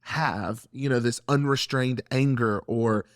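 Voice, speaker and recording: A man leads a faith-based conversation in a measured, reflective tone. His voice sits at an ordinary pitch for a man. The sound is dry, with no room echo. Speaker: church podcast host.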